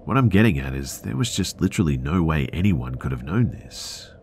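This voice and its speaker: A man narrating listener stories for a horror podcast in a measured, earnest storytelling way. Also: a bass voice, sing-song, a little mellow, a little hiss or hum.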